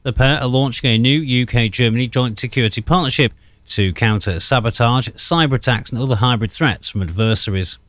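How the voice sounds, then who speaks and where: A man reading a radio news bulletin in a measured, formal way. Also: mid-range voice, fairly bright tone, no room sound. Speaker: newsreader.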